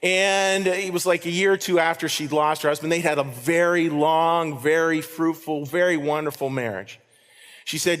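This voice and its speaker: A man preaching a sermon as pastor, animated, swinging from loud to hushed. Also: fairly high pitch, moderate pace. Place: church hall. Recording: long hall reverb.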